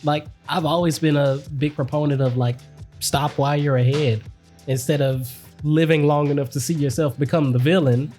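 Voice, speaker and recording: A woman's voice: sits low, normal speed. A woman co-hosts a casual podcast chat and shares her opinions in an easy, conversational way. She fills her sentences with "like" and "you know." A faint music bed plays under the voice. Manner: relaxed, opinionated, says "like" often. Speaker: podcast co-host. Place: home recording setup.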